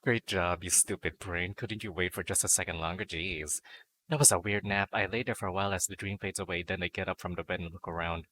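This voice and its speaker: A man reading a dating sim aloud on stream, breaking off into playful, crude jokes and silly noises. His voice sits a little low but has a bright, forward edge. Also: steady tone, a little fast, slight background noise. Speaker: VTuber game streamer.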